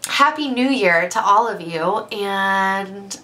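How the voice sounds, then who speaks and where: A woman's voice: mid-range voice, animated, takes it slowly, sharp tone. A young woman vlogger giving casual, earnest encouragement to her viewers, gushing and full of "like" and "you know.". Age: young adult. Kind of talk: casual motivational talk to camera.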